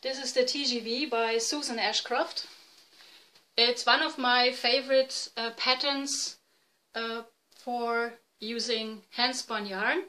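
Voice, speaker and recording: Bright-voiced German woman in her forties. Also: on the high side, steady tone, poor audio. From East Germany. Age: 40s. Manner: halting, self-correcting non-native English. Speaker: podcast host. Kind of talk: casual video podcast chat. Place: home room, dim light.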